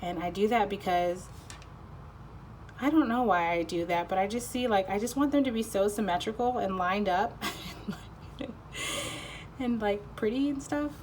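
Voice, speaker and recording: Woman tarot reader, chatty and unscripted, mid-pitched, full of fillers and casual curses; faint room ambience. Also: measured pace, long pauses, darkish tone, slight background noise. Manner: rambling, lots of "like", self-interrupting; swears casually and apologizes often. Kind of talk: casual channeled tarot reading.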